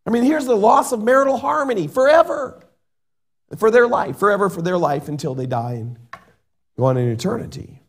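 A middle-aged man preaching a sermon and reading scripture in an earnest way. He shifts between loud emphasis and soft asides. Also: sits high, lively intonation, fairly quick. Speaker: pastor.

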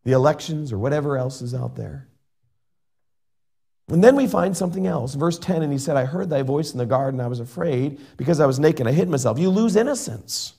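A middle-aged male pastor delivers an earnest sermon and reads scripture aloud. His voice sits a little high for a man. He moves between loud, emphatic points and quieter asides. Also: animated, brisk, gravelly, breathy edge.

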